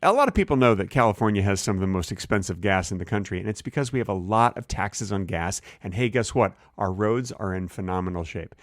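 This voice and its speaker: A man co-hosting a casual podcast, telling rambling stories in an animated way. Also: on the low side, fast, few pauses, dry recording, studio quality. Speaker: podcast co-host. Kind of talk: casual chat.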